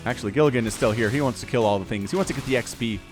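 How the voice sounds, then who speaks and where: An American man giving excitable, chatty solo commentary on a strategy game, often talking straight to the players. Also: medium pitch, very fast, over music. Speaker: esports caster.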